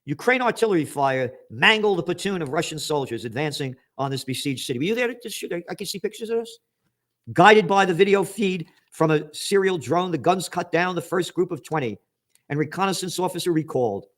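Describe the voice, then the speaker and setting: A man's voice: on the high side, animated, a little fast, fairly bright tone. A man giving an angry, sarcastic news commentary, reading headlines aloud and mocking them with profanity. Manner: reads headlines aloud then mocks them.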